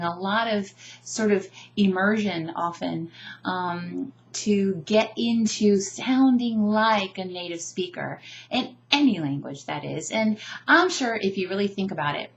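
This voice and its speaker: A woman language teacher explains pronunciation at a slow, unhurried pace, with a mid-range voice. She draws out each example word carefully, syllable by syllable. Between examples her tone stays casual and she keeps checking in with a "right?". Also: mid-range voice, muffled recording. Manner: slow, drawn-out enunciation of demonstration words.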